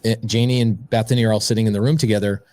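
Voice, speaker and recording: A man, a podcast guest, telling a story in a casual, lively way and acting out the dialogue. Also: on the low side, rapid-fire, no room sound. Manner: lively anecdote-telling, acts out quoted dialogue; conversational, frequent "like" and "I go".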